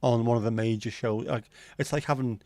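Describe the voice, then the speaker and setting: Male stream host, mid pitch, dry close sound, loose sweary banter. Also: steady tone, fairly quick, darkish tone, no echo. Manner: chatty, sweary, banter-filled. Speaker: livestream host. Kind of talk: casual chat reading viewer comments.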